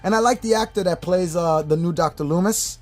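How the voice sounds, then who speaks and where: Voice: mid-range voice, brisk, soft background music. A movie and toy reviewer talking casually to camera in a blunt, opinionated rant, swearing often and rambling with fillers and restarts. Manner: rambling, with fillers and self-corrections. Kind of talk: casual ranting chat to camera.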